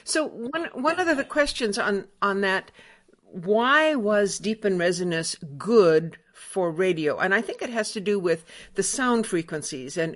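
A woman's voice: mid-range voice, lively intonation, unhurried, a bit bright. A woman from Michigan's Upper Peninsula hosting an interview and asking chatty, curious questions. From Upper Peninsula of Michigan, USA. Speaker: interview host. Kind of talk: casual interview.

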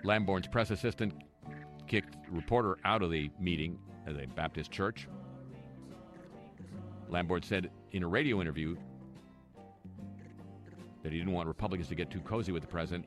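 Deep-voiced man giving sardonic news commentary. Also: moderate pace, pauses often, over music. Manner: dry, sarcastic asides between read-out news items. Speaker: host. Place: home near a lake, voice-over.

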